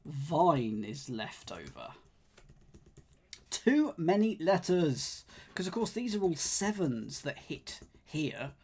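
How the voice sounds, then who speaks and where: Male puzzle streamer, slight lisp, slow and musing, sighs and half-finished sentences. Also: on the high side, very animated, darkish tone, husky. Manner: muttering, sighing, trailing off while puzzling. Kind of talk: thinking aloud while solving a crossword.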